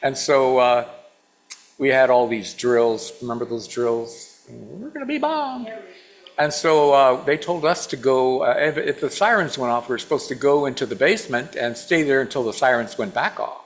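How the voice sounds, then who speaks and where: A man's voice: medium pitch, normal speed. A man in his sixties from Washington State, giving a storytelling sermon to a congregation, asking the audience questions and acting out his younger self. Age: 60s. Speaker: guest speaker.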